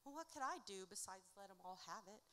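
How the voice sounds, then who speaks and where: A woman's voice: medium pitch, lively intonation, fairly quick, bright, forceful tone. A woman from Indiana performing rhymed spoken word live on a theatre stage, telling her story bluntly and with plenty of swearing. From Indiana, United States. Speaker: performing artist.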